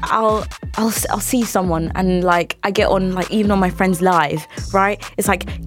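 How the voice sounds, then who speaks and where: A woman from Leeds co-hosting a radio show, chiming in with quick agreements. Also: medium pitch, fairly even intonation, faint music behind. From Leeds, England. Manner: quick agreeing interjections, laughs along. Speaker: radio co-host. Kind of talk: casual radio chat.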